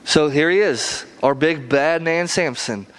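A man's voice: on the high side, a little slow, a bit bright, smooth. A male preacher giving a casual sermon, conversational, with rhetorical questions and slangy asides.

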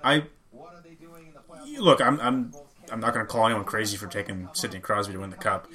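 Laid-back, bright-toned man with wry asides. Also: lowish voice, a little fast. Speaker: podcast co-host. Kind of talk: casual sports chat.

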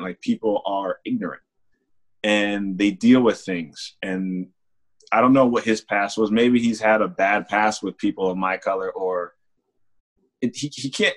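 A man's voice: lowish voice, husky. A young man, a security guard and author, telling a story casually in an interview and livening up when he quotes people. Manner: relaxed, animated when quoting people.

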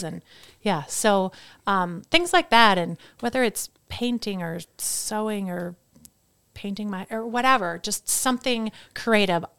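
Middle-aged woman, podcast guest, animated storyteller, smooth clear voice, dry close mic. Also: medium pitch, no echo. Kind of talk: casual interview chat. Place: podcast studio.

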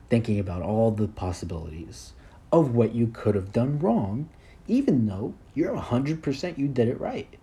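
A man's voice: mid-range voice, dark tone. A man in his early twenties hosting a solo podcast, rambling in a crude, self-deprecating way. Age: 20s. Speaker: podcast host.

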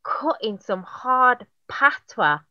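Woman, casual chat, expressive storyteller, dry close sound, slightly dull lo-fi audio. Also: on the high side, dry recording. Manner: animated storyteller, quick and expressive.

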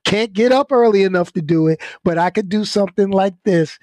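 A man's voice: high-pitched, brisk, darkish tone, no room sound. A man hosting his own channel, venting in a casual, blunt way, stumbling over and repeating words and laughing between points. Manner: laid-back, blunt, repeats himself, laughs often. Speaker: channel host.

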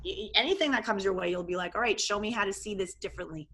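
A woman life coach talking casually in an interview, animated and expressive, often acting out what she and others said. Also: mid-range voice, racing. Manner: animated and expressive, acts out quoted voices.

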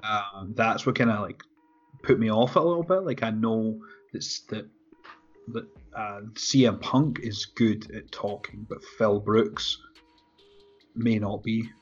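A man's voice: on the low side, slow, breathy edge. A man in casual chat, laid-back and loose, swearing freely with lots of fillers. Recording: dull lo-fi with faint music.

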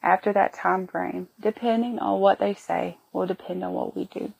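A woman in her thirties telling a personal story on her podcast in an emotional, halting way, feeling sick and worn. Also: medium pitch, fairly even intonation, gravelly, darkish tone, slightly rough, lo-fi sound. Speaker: podcast host.

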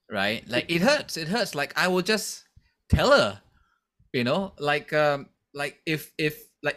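A man's voice: fairly high pitch, a bit bright. Earnest man musing on a podcast. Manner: earnest and reflective, full of fillers like "you know" and "right". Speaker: podcast co-host, comedian. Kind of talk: casual podcast chat.

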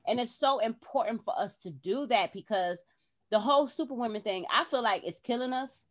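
A woman's voice: on the high side, brisk. Fields: Sex: woman. Role: chatty podcast host. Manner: expressive, acts out her own past words. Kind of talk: casual heart-to-heart chat.

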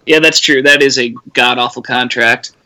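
A man's voice: medium pitch, fairly even intonation, moderate pace, bright, forceful tone. A young man co-hosting a casual sports podcast, teasing his friends with funny stories. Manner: teasing storyteller, laughs often. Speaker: podcast co-host.

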